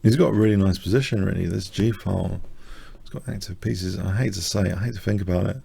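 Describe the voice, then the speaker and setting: Gravelly, husky man muttering over chess. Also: low voice, fast, dark tone. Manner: self-deprecating, muttering while thinking, frequent laughs and throat clearing. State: slightly exhausted, coughing. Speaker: chess streamer. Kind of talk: live blitz commentary.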